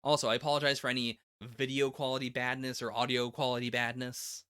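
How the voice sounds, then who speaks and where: A man's voice: mid-range voice, level tone, fast talker, pushed and bright, smooth, dry recording, studio quality. A man giving a casual, rambling live reaction to manga chapters, full of "like" and little laughs. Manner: rambling and chatty, lots of "like" and laughs. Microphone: laptop setup.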